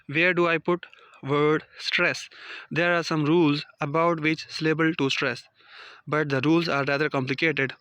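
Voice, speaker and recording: A man's voice: a little high, pushed and bright, clear, resonant tone, dry recording. A man teaching a lesson, reading out definitions and numbered points like a prepared lecture. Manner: reads out numbered points, non-native phrasing. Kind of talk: read-aloud lecture.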